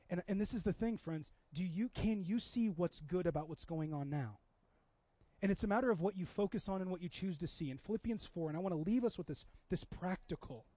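Pastor, man, thirties, high tenor, chatty sermon delivery, dry and slightly dull recording. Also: dark tone, no room sound. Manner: conversational preaching, acts out quoted voices.

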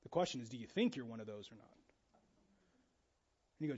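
A man preaching a casual, animated sermon, acting out quotes in different voices. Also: mid-range voice, brisk, pauses often, slightly rough, highs cut off. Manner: animated, acts out quotes with shifting voice. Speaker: pastor.

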